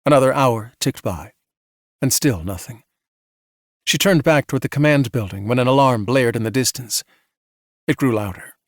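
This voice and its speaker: A man narrating a bedtime sci-fi audiobook in a soft, measured, soothing way, with a mid-range voice. The recording is dry and close on a studio mic. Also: medium pitch, no echo.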